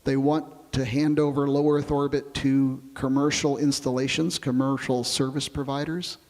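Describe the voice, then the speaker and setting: Male astronaut interviewee, gravelly, easy storyteller, reverberant recording. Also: medium pitch, normal speed. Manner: relaxed storytelling, explains with comparisons. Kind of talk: oral history interview.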